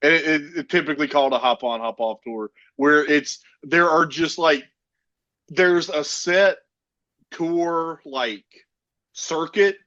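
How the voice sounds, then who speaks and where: A man co-hosting a casual chat podcast, talking in a blunt, profane way with deadpan jokes. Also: a little high, a little slow, dry recording. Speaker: podcast co-host. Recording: dull lo-fi dry sound.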